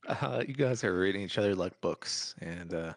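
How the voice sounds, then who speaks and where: A man running a tabletop game as game master, relaxed and often laughing. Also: low-pitched, moderate pace, no echo, clean studio sound.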